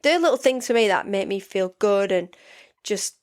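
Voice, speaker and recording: A woman's voice: medium pitch, animated, normal speed. A woman in her forties, hosting a casual solo podcast, chatting in a rambling way with many restarts, sleepy and yawning. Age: 40s. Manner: rambling, chatty, frequent restarts and "yeah" fillers. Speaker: podcast host.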